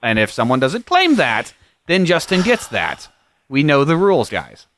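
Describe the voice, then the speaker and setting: A man's voice: mid-range voice, moderate pace, slight background noise. A man hosting a casual podcast, joking with his co-hosts and reading out prize winners. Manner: relaxed, joking, reads out winners. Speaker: podcast host.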